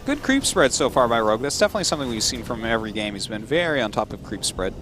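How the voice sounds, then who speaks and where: A man commentating a live game, trading dry jokes and quick analysis. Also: medium pitch, big pitch swings, background noise. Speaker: esports commentator.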